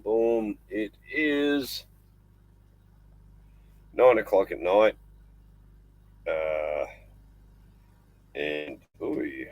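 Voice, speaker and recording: A man's voice: deep voice, vocal fry, no room sound, low-quality recording. An older Australian man hosting a casual live stream from inside his small boat at night, rambling and chatting in between fussing over his dog. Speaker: livestream host.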